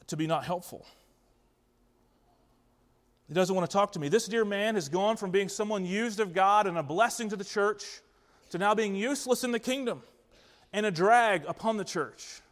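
A man's voice: sits high, a bit bright, big-room sound. A man preaching an interactive sermon in a church, asking the congregation questions in an earnest manner. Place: church sanctuary.

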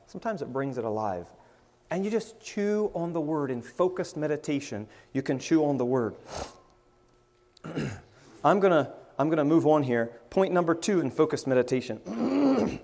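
A man preaching an informal sermon, stammering over restarts and swinging from loud to hushed. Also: on the high side, long reverb tail. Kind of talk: conversational sermon.

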